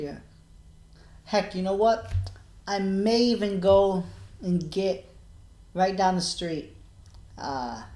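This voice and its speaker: A man talking quietly to the camera in a personal video diary, halting and subdued, with many pauses and restarts. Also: sits high. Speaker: vlogger. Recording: echoey room.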